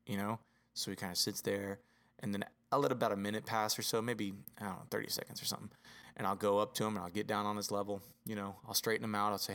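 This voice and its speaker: A man, a father, talking earnestly and relaxed in a casual podcast chat, leaning on "you know". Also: on the low side, quick pace.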